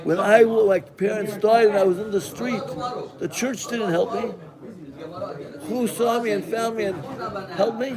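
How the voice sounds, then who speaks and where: A man's voice: high voice, fairly even intonation, a little slow, long pauses, crowd noise, pitched above the performer's own voice. A man voicing a simple, devout young woman servant as he tells a story to a class. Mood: pleading.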